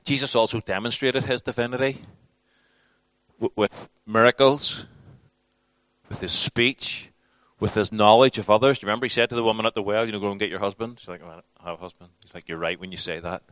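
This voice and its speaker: A man's voice: fairly low pitch, fairly even intonation, a little fast, a bit bright, no room sound. A man teaching a church class in a conversational, informal sermon style, with frequent restarts and acted-out quotes.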